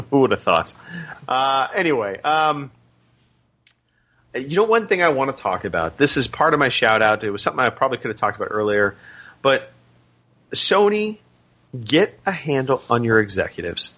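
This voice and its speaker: Male podcast co-host, bright tone, lo-fi sound, chatty and rambling. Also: medium pitch, sing-song, moderate pace, long pauses. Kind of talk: casual podcast chat.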